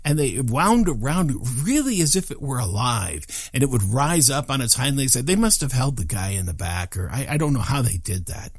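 An older man telling a personal story in an animated, self-deprecating way, with chuckling asides. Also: mid-range voice, moderate pace, hardly any pauses, husky, no room sound, studio quality.

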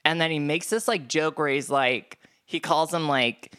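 A podcast co-host talking at an ordinary pitch in easy, casual chat. The voice rambles excitedly through comedy scenes, stacking up "like" and laughing between lines. The sound is close and dry, with no room around it. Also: moderate pace, no room sound. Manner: rambling, animated retelling of comedy scenes, heavy use of "like"; laughs often while talking.

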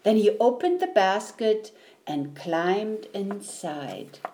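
Slow, expressive woman storyteller. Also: mid-range voice, slight background noise. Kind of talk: picture-book read-aloud.

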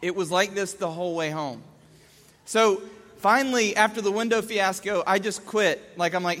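A man in his thirties telling a comic story about his young son, animated and jumping between voices. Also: high voice, brisk. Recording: echoey hall.

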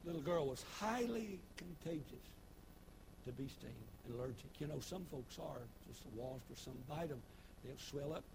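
A man preaching a sermon, folksy storytelling that builds into shouted preaching. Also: a little high, expressive, moderate pace, vocal fry, background noise. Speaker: pastor. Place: church.

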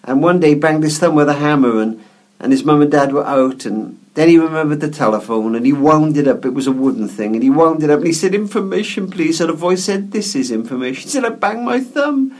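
A man, a guest author and speaker, telling a story in an interview in a gentle, reflective way, often repeating words as he goes. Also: a little high, fast talker.

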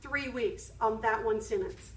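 A woman's voice: a little high, measured pace, recorded from a distance. A woman preaching a sermon to a live group, emphatic, repeating key phrases and asking the audience questions. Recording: echoey room, speaker away from the mic.

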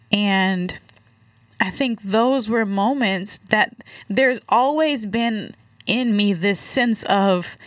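A woman giving a reflective faith testimony, searching for words with many halting restarts. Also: medium pitch, dry recording, studio quality. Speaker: guest.

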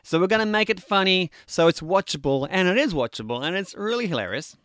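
A man talks through a movie review in a loose, rambling way, full of fillers and restarts. His voice is fairly high for a man, smooth and clear. The recording is dry and close. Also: sing-song, fast, fairly bright tone, dry recording. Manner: rambling, filler-heavy, acts out scenes in quotes.

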